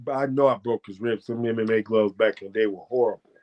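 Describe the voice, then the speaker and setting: A man's voice: on the low side, steady tone, quick pace, muffled recording. Profane American man telling a wild story. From United States. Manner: profane, boastful, jumps into loud shouted quotes. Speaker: guest, former fighter telling a story. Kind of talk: animated storytelling.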